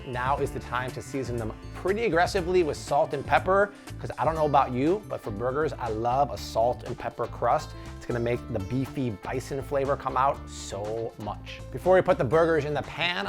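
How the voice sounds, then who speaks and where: A man's voice: mid-range voice, lively intonation, a little fast, few pauses, faint music behind. A man hosting a cooking tutorial in his kitchen, talking to viewers in an enthusiastic, chatty way. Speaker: cooking show host. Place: home kitchen at the stove.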